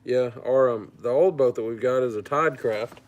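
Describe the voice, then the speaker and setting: A man's voice: mid-range voice, moderate pace. Laid back guy from louisiana doing a fishing livestream, answering chat, plain mid voice. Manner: relaxed, reads out and answers viewer comments. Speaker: fishing channel host.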